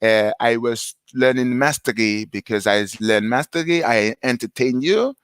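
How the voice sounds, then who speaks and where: Man doing a faltering French-accent bit, slow and full of pauses, dry close sound. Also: mid-range voice, warm tone, smooth, no room sound, lightly acted. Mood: halting. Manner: hesitant, full of "uh". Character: halting Frenchman introducing himself.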